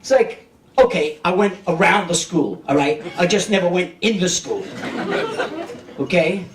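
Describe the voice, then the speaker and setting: Doing streetwise stand-up in a comedy club, this man from Brooklyn, New York, in his 50s, keeps checking in with the crowd. He speaks in a high-pitched, unhurried voice, captured in an echoey room from a distant mic with audience noise.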